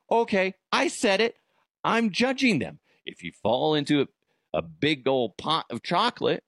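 A man doing a comedic podcast monologue who keeps jumping into loud, exasperated voices. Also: on the high side, no echo, clean studio sound. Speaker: podcast host.

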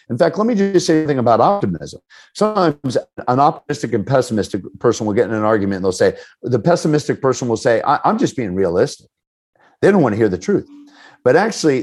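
A man's voice: medium pitch, husky. A middle-aged man, a leadership speaker, answering questions in a podcast interview and acting out the people in his stories. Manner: animated storyteller, acts out quoted people.

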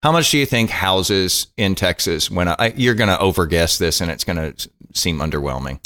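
A man's voice: low-pitched, a little fast, sharp tone. A man co-hosting a podcast, chatting casually and teasing the guest in a joking way. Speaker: podcast co-host. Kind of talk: casual chat.

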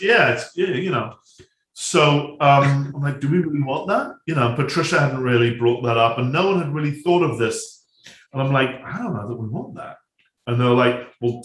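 A man's voice: medium pitch, a bit bright, reverberant. A man, a film director, telling stories from his shoots in a rambling casual way, full of restarts and asides. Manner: rambling, many restarts and asides, laughs at own jokes.

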